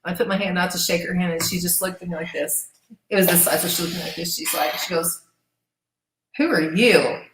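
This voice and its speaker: A middle-aged woman, an interview guest, telling casual stories in a lively, profane way and acting out what people said. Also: fairly low pitch, fast, background noise. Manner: animated, profane storyteller who acts out quoted voices. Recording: echoey room.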